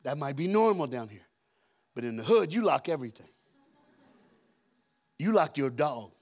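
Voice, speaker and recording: A man preaching a sermon as a guest speaker, telling stories and acting out the scenes with shouts and deep put-on voices. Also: very animated, moderate pace. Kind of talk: storytelling sermon. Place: church auditorium.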